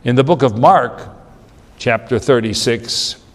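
A man's voice: medium pitch, a little slow. A man preaching a sermon in an emphatic, repetitive way, acting out the lines he quotes. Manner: emphatic, repeats words, acts out quoted lines. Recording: long hall reverb.

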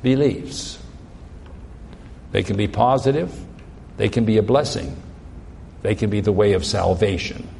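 A man's voice: fairly low pitch, measured pace, gravelly, pauses often, a little mellow, big-room sound, a little hiss or hum. A man preaching a sermon, pressing his point with emphatic rhetorical questions. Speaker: pastor.

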